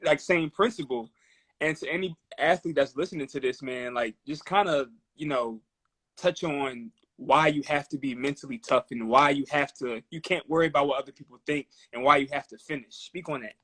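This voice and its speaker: Chill guy host on a video call, kinda husky, pretty dry sound. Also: fairly high pitch, moderate pace, a bit bright, no room sound. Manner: laid-back, slangy prompts. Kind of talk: casual interview.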